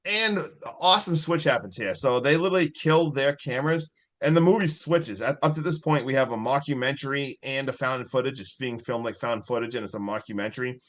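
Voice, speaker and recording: A man's voice: mid-range voice, brisk, fairly bright tone. A man co-hosting a podcast, chatting casually and animatedly as he retells movie scenes, with lots of "like". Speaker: podcast co-host. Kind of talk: casual movie review chat.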